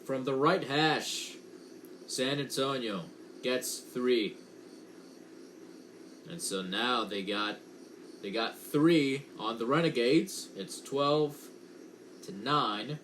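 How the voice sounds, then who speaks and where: A man's voice: medium pitch, slow pace, long pauses, fairly bright tone, a little hiss or hum. A young man giving casual, unpolished play-by-play commentary on a football game from home, correcting himself and chatting between plays. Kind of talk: casual watch-along commentary.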